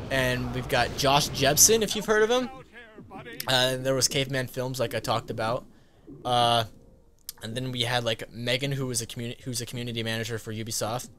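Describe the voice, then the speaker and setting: A man, a gaming YouTuber, telling a casual story-time vlog in a rambling way, full of fillers and quick laughs. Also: medium pitch.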